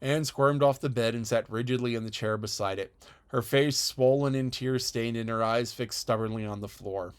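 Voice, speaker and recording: Brief: male narrator, middle pitch, clear resonant voice, measured classic storytelling. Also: fairly even intonation. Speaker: audiobook narrator. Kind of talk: scripted narration.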